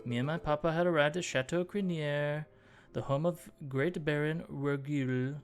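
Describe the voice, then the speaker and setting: A man's voice: on the high side, fairly even intonation, normal speed, faint music behind, natural voice. A man voicing a naive young noble lady cat who chatters on in a sweet, girlish way.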